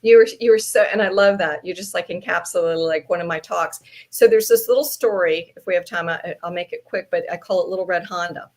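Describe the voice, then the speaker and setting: Lively Southern woman guest. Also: fairly low pitch, a little fast, hardly any pauses. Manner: animated, playful storyteller. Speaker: podcast guest, trainer and speaker. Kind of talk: casual panel chat.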